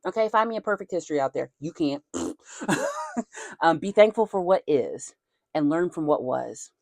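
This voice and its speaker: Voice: mid-range voice, expressive, normal speed, vocal fry, a little mellow, no room sound, studio quality. A channel host from the southern United States with a Southern American accent, rambling in a chatty way with folksy asides. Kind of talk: casual talking-head chat.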